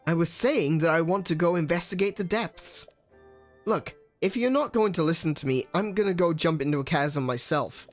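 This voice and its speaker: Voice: medium pitch, lively intonation, moderate pace, soft background music, pitched above the performer's own voice, lightly acted. A streamer voicing a headstrong young researcher girl. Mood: impatient. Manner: impatient, pushy. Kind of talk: voicing game dialogue.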